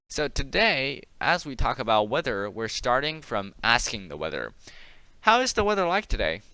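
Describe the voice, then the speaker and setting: A man's voice: fairly low pitch, bright, forceful tone, clean tone, dry recording. Casual man teaching a class. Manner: casual, drills pronunciation, repeats words slowly. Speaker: Chinese teacher. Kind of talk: online language class.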